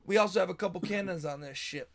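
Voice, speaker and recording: A man voicing a boastful male weapons keeper on a ship, talking loud and proud. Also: sits high, fast, creaky, voice pushed up.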